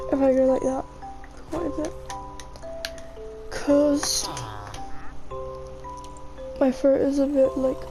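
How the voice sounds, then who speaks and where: A woman's voice: high-pitched, poor audio. A chatty young woman, rambling casually over her gameplay and often saying "mate". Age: young adult. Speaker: gaming vlogger.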